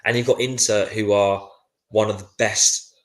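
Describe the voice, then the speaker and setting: Weary, deep-voiced man reacting live. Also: steady tone, normal speed. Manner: frustrated, weary, chatty with viewers. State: sleepy, yawning. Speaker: watchalong host. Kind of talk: casual live match reaction.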